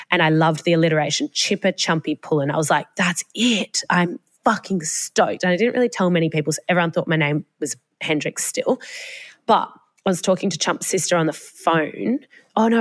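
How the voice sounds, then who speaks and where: A young Australian woman co-hosting a podcast, telling a personal story in a casual, chatty way and swearing freely. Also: low voice. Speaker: podcast co-host. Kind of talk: casual chat. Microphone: podcast mic, remote call.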